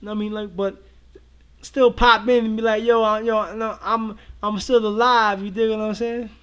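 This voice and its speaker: A high-voiced man chats easily with his viewers, full of slang and strings of yeah, yeah. His talk is loose and relaxed, the style of a casual livestream co-host. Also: normal speed, clear, resonant tone. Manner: laid-back, slangy, many repeated fillers. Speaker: co-host of a reaction show.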